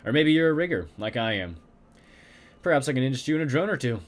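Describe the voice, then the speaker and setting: A man's voice: medium pitch, sing-song, fast talker. A man voicing a female dwarf tech vendor in a game read-aloud, speaking in a clipped, put-on German accent. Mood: eager sales pitch.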